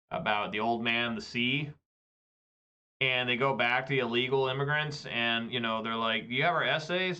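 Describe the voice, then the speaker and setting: Chatty, profane man with a bright voice. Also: medium pitch, clear, resonant tone, dull audio. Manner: rambling, profane, chatty asides. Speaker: card game streamer. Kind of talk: casual gameplay commentary.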